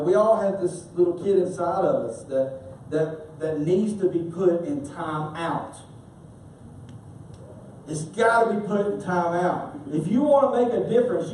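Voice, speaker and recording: High-voiced pastor in an echoey hall. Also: male voice, a little hiss or hum. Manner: humorous, animated storytelling. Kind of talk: sermon. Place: church sanctuary. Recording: echoey church hall from far off.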